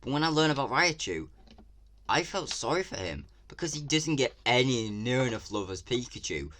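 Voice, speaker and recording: A man from England with an English accent, giving casual reaction commentary as a video creator, excitable and ranting, swearing freely. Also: medium pitch, moderate pace.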